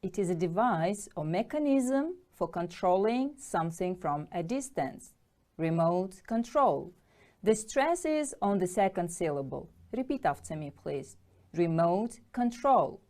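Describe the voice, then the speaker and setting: Woman teacher, vocabulary drill, animated pitch, unhurried pace. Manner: clear, measured word-by-word pronunciation. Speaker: English teacher.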